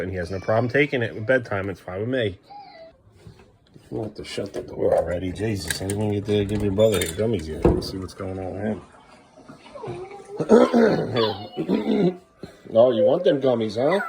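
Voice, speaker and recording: Lively-voiced dad chatting at home. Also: male voice, on the low side, slight background noise. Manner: chatty, coaxing and praising his kids. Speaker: father vlogging with his kids. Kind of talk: casual home vlog.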